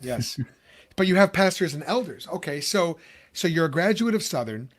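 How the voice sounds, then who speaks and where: A man's voice: a little high, lively intonation, moderate pace. Chatty Chicago man hosting a podcast. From Chicago, USA. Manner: chatty, rambling with many fillers. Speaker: podcast host. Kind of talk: casual podcast interview.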